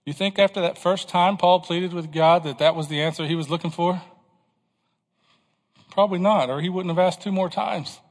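Man, pastor, sermon, high voice, emphatic rhetorical questions, long hall echo. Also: normal speed. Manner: questioning, emphatic preaching to a congregation.

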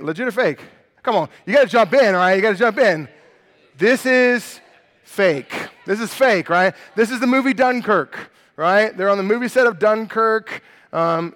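A middle-aged male pastor preaching a sermon, lively and quizzing the congregation with questions. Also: high voice, long reverb tail.

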